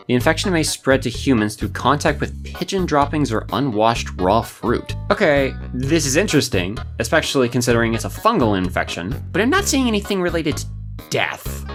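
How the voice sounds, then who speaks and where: Excitable woman gaming reacting. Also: very deep voice. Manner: excitable, incredulous exclamations. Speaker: game streamer. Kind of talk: reading a visual novel aloud and reacting.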